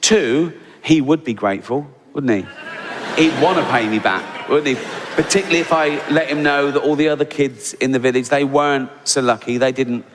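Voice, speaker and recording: A man's voice: mid-range voice, normal speed, big-room sound. A man doing a stand-up routine, sarcastic and profane, with mock exasperation. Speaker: stand-up comedian. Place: live comedy stage. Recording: live stage recording with loud background noise.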